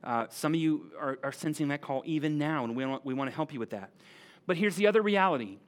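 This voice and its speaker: Pastor, male, lively conversational sermon delivery, slightly high voice. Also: fast. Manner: animated, conversational, asks the room "right?".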